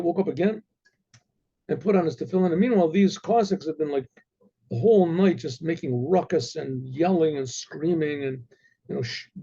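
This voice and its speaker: A man, a rabbi, telling a story in a halting, repetitive way full of asides. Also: a little high, dark tone, breathy edge, dull audio. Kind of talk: oral storytelling.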